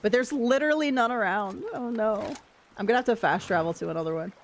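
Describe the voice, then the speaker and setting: A woman's voice: a little high, fast talker, a little hiss or hum. An American woman chatting casually on a game livestream, reacting to chat and to what happens in play. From United States. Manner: chatty, reacts to chat and gameplay as she plays. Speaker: game streamer.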